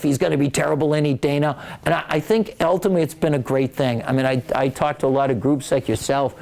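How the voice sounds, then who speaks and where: A man, an author, giving a casual, animated storytelling talk to an audience in a library, joking as he goes. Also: on the high side. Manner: animated, joking, acts out quoted voices. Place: public library meeting room.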